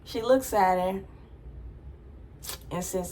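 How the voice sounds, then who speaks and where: A woman's voice: fairly low pitch, a little slow, slight background noise. A young adult woman vlogger telling a personal story in a casual, chatty way, full of "like" fillers.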